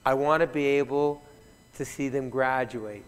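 A man putting on a raspy, low, mumbling impression of a famous older male film star, telling a story in a reverberant conference hall. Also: moderate pace, close to an everyday voice. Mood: hushed. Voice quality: raspy, husky.

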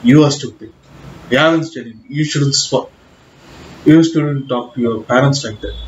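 A man's voice: medium pitch, moderate pace, slight background noise, close to an everyday voice. Young man doing his scolding strict dad. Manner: lecturing, reproachful. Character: scolding strict middle-aged father. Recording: echoey room, dull lo-fi sound.

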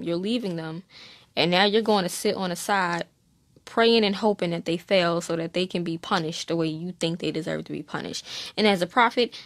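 A woman's voice: lowish voice, dry recording. A young woman teaching a casual Bible study, candid and conversational with plenty of fillers.

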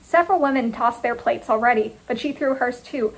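Woman author narrating her own first-person story, clipped and deliberate, higher voice. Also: breathy edge, rough recording.

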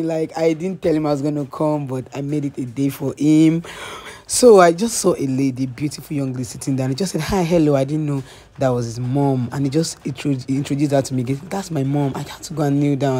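A woman's voice: low-pitched, a little mellow, husky. A young Nigerian woman doing a casual vlog voice-over, telling a story with shy giggles and slipping into pidgin. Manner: giggly, breathless, mixes in pidgin. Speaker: vlogger.

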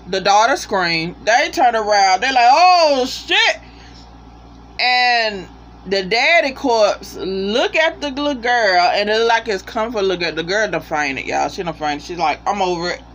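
Casual episode reviewer, mid-pitched, animated and profane, addressing viewers directly. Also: moderate pace, slight background noise.

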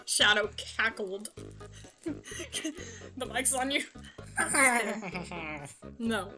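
A woman streamer casually reading fanfiction aloud, narrating quickly and giggling between lines. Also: medium pitch, animated, sharp tone, soft background music. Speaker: streamer host.

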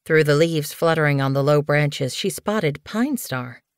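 Low-voiced woman narrating an audiobook. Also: expressive, unhurried, clean tone, no echo, studio quality.

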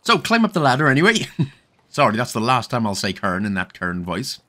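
A man's voice: lowish voice, expressive, a little fast, sharp tone. A young Welsh man giving casual, jokey, rambling commentary over a game walkthrough. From Wales. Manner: rambling, jokey, self-correcting.

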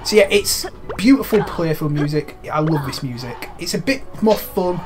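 A man's voice: a little high, animated, normal speed, music in the background. A man from England chatting casually as a game streamer, rambling as he plays. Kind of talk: casual live commentary.

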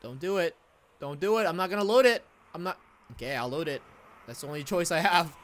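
A young man giving excited let's-play commentary, cheering at the screen and then dropping to mumbles. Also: on the high side, fast talker, slight background noise. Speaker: gaming YouTuber. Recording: game music loud behind the voice. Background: game music.

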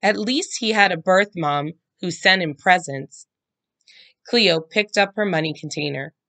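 Woman reading aloud, storybook, low voice, unhurried, expressive. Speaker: guest reader. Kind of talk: reading a children's chapter book aloud.

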